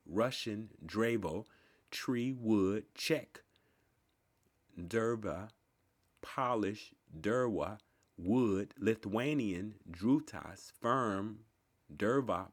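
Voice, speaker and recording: Slow, low-voiced man reading aloud. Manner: slow, deliberate word-by-word recitation. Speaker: channel host. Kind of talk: reading dictionary entries aloud.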